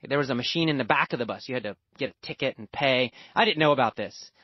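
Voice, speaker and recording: A man's voice: mid-range voice, fast talker, dry recording. An American man teaching a language lesson through a personal story, emphatic and repeating words for stress. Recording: dull lo-fi dry recording.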